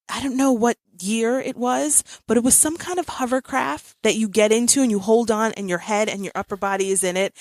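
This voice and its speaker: Laughing, animated woman podcast host. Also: medium pitch, no echo, clean studio sound. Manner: animated storyteller, laughs often. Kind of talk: casual chat.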